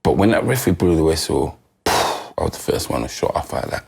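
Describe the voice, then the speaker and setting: A man's voice: very deep voice, sing-song, a little fast. A middle-aged man, a former footballer guesting on a podcast, telling his story with drama and acting out voices. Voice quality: gravelly, husky. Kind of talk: animated storytelling in casual conversation.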